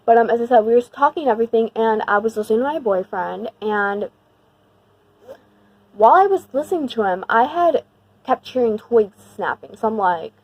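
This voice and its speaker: Young woman vlogger, fairly high voice, slangy and rambling, emphatic storyteller, dry close sound. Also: normal speed, no echo, highs cut off. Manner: slangy, rambling, heavy use of "like"; animated and emphatic when retelling the scary part. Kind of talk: casual storytime.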